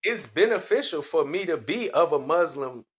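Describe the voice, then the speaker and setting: A man co-hosting a podcast in casual chat, blunt and profane, telling animated stories. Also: a little high, normal speed. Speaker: podcast co-host.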